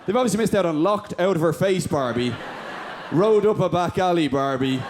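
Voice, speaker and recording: A man's voice: sits high, expressive, moderate pace, a little hiss or hum. A man doing a stand-up comedy routine on stage, chatty and often checking in with the crowd. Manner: chatty, keeps checking in with "right?".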